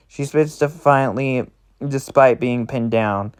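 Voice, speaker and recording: A man narrating a roleplay aloud in a plain, steady reading voice. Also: medium pitch, normal speed, clear, resonant tone.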